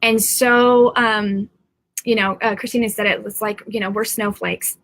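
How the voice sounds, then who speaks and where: Bright-voiced woman rambling earnestly. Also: medium pitch, fairly even intonation, a little slow, dry recording. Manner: rambling, earnest, talks to viewers directly. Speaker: psychic medium. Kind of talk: live-stream monologue. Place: at home.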